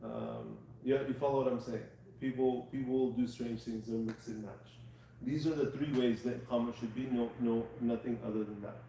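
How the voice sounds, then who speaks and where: A man's voice: mid-range voice, steady tone, normal speed, gravelly, warm tone, slight background noise. A man teaching a live class, patiently checking that students follow. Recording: echoey room, mic far off.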